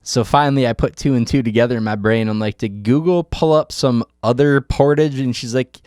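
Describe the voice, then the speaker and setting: A podcast host telling a profane, animated story and acting out the other people's lines. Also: male voice, mid-range voice, fairly quick, no echo, studio quality. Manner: profane, animated storyteller who acts out quotes. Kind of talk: casual storytelling chat.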